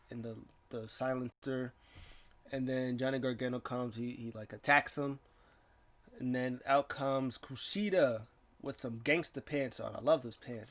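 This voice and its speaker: A man giving a casual, rambling rundown of wrestling matches, excitable and quick to put on voices for the people he quotes. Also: mid-range voice. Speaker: wrestling recap vlogger.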